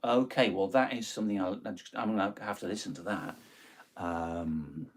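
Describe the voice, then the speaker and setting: A low-pitched man with an East Midlands Nottingham accent chats casually on a live stream at normal speed, fielding song requests in a rambling, hesitant way full of ums and self-corrections.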